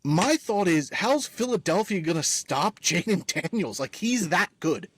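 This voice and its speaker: A man's voice: high voice, sing-song, measured pace, a bit bright, slightly rough, no room sound. A young man co-hosting a casual sports podcast, talking in a rambling, laid-back way with lots of filler words. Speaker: podcast co-host.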